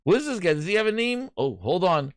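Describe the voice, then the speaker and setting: A man hosting a casual gaming show, excitable and slangy, often breaking into laughter while he reacts. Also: high voice, fast, no echo, clean studio sound. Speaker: host. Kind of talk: casual live-show commentary.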